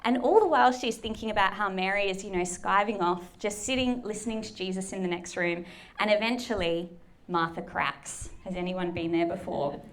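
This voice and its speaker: A woman's voice: mid-range voice, moderate pace. A woman preaching a sermon in a conversational, chatty way, acting out quoted lines playfully. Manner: conversational, chatty, with lots of fillers.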